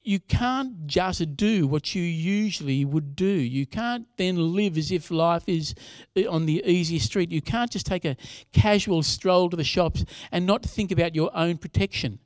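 A man's voice: high-pitched, unhurried, few pauses, dry recording. A younger man preaching a sermon in a conversational way, with asides to the congregation. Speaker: pastor.

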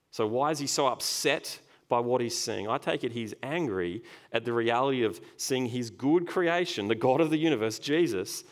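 A man preaching a sermon, earnest and emphatic, slowing down to stress key phrases. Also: medium pitch.

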